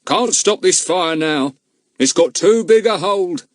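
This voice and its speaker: A gloomy village man drawls his doubts slowly, voiced by a male audiobook reader. The pace is stretched and the voice sits a little above the reader's own, dry and close. It is a storybook reading. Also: high-pitched, animated, no room sound, voice pushed up.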